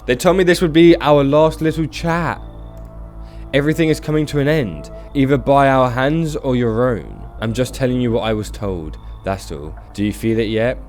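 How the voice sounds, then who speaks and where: A man voicing a creepy, pale old man who stands at the door in a video game and asks ominous questions slowly and quietly. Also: soft background music, lightly acted. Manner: slow, low, ominous questioning.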